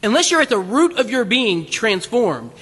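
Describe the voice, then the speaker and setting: A man preaching a conversational sermon, animated and chatty, acting out voices from the crowd. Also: very high-pitched, normal speed, husky. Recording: long reverb of a large hall.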